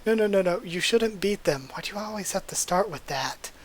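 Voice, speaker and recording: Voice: medium pitch, lively intonation, a little fast. A manga reader voicing an earnest, flustered young male student hero.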